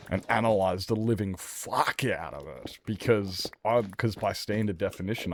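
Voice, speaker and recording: A man's voice: low voice, slight background noise. A man chatting casually while streaming a game, rambling and repeating himself, swearing freely. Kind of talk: casual gameplay stream chat.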